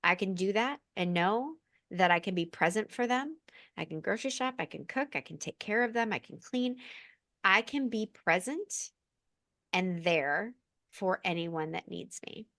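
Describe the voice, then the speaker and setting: A woman guest on a podcast, talking in a heartfelt, animated way and laughing now and then. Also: medium pitch, unhurried, no room sound, clean studio sound. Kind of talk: emotional casual chat.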